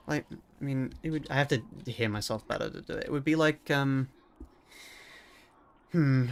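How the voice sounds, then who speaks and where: A man's voice: medium pitch, normal speed, creaky, long pauses, a little hiss or hum. A man streaming a video game, talking casually and answering his chat. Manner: casual, chatty, reacting to chat. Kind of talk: casual livestream gameplay chat. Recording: game music playing under the voice. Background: game music.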